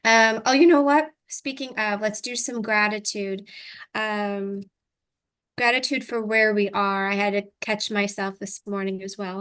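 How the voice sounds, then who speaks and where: A woman's voice: medium pitch, steady tone, measured pace, fairly bright tone, smooth. A woman leading a group video call, coaching with breathing cues and affirmations in an encouraging way. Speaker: energy clearing coach. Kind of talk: guided breathing and coaching session.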